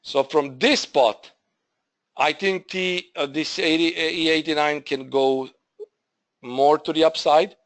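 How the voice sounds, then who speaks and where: Slow-talking man presenting a trading webinar. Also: fairly high pitch, steady tone. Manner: halting, repeats himself, addresses viewers as "guys". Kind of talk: live trading webinar walkthrough.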